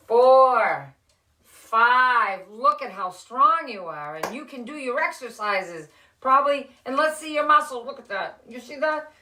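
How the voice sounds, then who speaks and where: A middle-aged woman hosting a children's reading show, speaking gently and encouragingly to young kids as she reads a story and leads simple exercises. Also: high voice, reverberant. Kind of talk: reading aloud and leading kids' activities. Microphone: live-stream camera.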